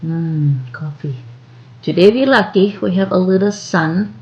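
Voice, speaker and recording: A woman's voice: fairly low pitch, a little mellow, muffled recording, slight background noise. A Thai woman in her fifties whose first language is Thai, chatting casually to her vlog viewers in broken English with a Thai accent. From Thailand. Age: 50s. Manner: chatty, broken English, drawn-out friendly phrases. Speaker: vlogger. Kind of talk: casual chat to camera.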